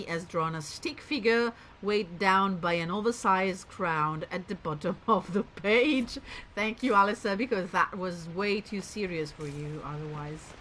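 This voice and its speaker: A woman's voice: medium pitch, a bit bright, slight background noise, low-quality recording. A woman hosting a let's play, chatting enthusiastically and reading in-game text aloud as she plays. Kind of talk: gameplay commentary.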